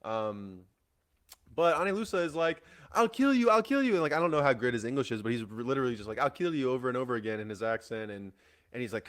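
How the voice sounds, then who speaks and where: A man hosting a solo fight-news show, rambling in a casual way with lots of fillers, restarts and swearing. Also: mid-range voice. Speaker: MMA podcast host.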